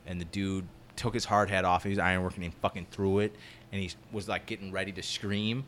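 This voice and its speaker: A man's voice: sits low, brisk, slight background noise. A man who works as a construction foreman, telling rambling, profane stories in casual chat. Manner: profane, rambling, animated storyteller.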